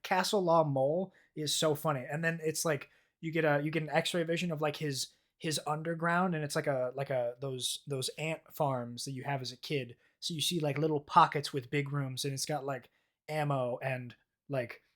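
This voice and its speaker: A man's voice: mid-range voice, a bit bright. A man streaming a game with casual, profane, rambling commentary, easily delighted by small things.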